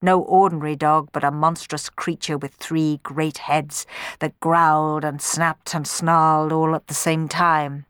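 Woman storyteller, clear expressive reading, lowish voice, dry close sound. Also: unhurried, dry recording. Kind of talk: storybook narration.

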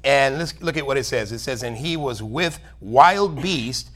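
A man preaching a sermon in a church, with a voice of middling pitch. He reads scripture out and explains it, and keeps turning to the congregation with "amen?". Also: expressive, a little slow, a bit bright. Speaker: pastor.

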